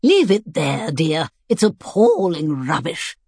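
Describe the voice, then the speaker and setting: A woman voicing a frail, bedridden old woman who is mischievous and sharp-tongued, giving bossy orders in a teasing way. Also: deep voice, wildly swooping pitch, takes it slowly, gravelly, slightly rough, no room sound, clean studio sound, exaggerated voice.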